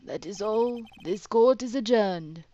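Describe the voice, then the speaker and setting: A woman voicing a formal, pompous elderly male judge in a game, speaking in a measured way. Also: medium pitch, animated, dark tone, muffled recording, lightly acted. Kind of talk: let's play character voice.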